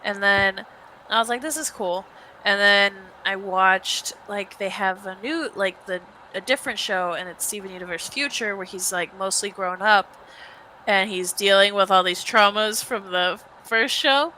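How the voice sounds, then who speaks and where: A woman's voice: mid-range voice, normal speed, sharp tone, a little hiss or hum, rough recording. A young woman co-hosting a podcast in casual chat, telling stories in a rambling way with lots of laughter. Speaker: podcast co-host.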